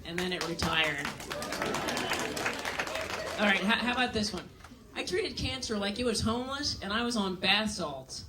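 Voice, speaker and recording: A woman's voice: mid-range voice, animated, moderate pace, pauses often, distant mic, over a noisy crowd, very noisy. A woman doing a stand-up comedy set on a club stage, telling dry, self-mocking stories and acting out other people's voices.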